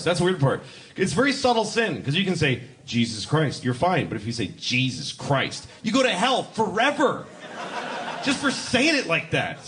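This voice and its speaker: A middle-aged man doing live stand-up comedy, telling stories in an animated, profane and exasperated way. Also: high voice.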